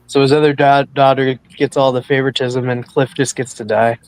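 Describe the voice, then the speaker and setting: A man on a comics panel, joking and quick to protest in a casual group chat. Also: mid-range voice, level tone, smooth, rough recording.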